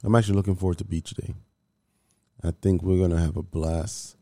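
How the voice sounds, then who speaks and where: A man hosting a casual podcast, hoarse from a cold, with a voice that keeps cracking and a loose, joking manner. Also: low voice, fairly even intonation, fairly quick, dark tone, no room sound. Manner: voice cracks upward unpredictably. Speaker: podcast host.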